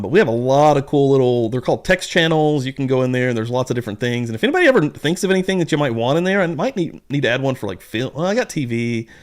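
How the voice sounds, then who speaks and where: A man hosting a livestream, chatting casually and loosely at his desk mic, with a profane, rambling manner. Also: mid-range voice. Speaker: livestream host.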